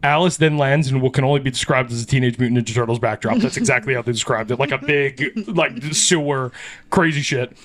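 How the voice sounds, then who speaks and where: Retelling an urban legend in a casual storytelling chat, this male podcast host speaks briskly in a medium pitch. He stays animated, curses along the way, and frequently breaks into laughter.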